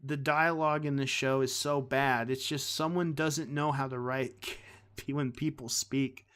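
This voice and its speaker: A man's voice: mid-range voice, fairly even intonation, unhurried, a bit bright, clean tone. A man hosting a live stream, talking casually in a rambling, heated way with many restarts. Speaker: streamer host.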